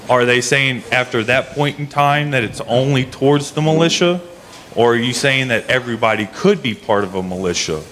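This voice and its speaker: An earnest man in a public debate reads a passage aloud and talks it through, with halting restarts. His voice sits at a medium pitch. Faint noise runs underneath. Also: a bit bright. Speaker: debate participant. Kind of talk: reading aloud and explaining.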